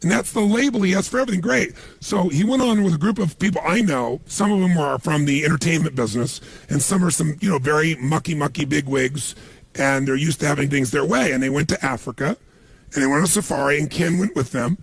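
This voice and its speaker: A man giving a motivational seminar talk, telling stories in an animated way and acting out other people's lines. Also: fairly high pitch, fast, creaky, slightly rough. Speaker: motivational speaker.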